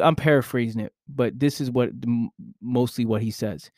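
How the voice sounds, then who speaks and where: In clean, dry studio audio, a man hosting a podcast gives an earnest motivational monologue, emphatically repeating key phrases and swearing casually. His voice is mid-range and a little mellow, with a steady tone at normal speed.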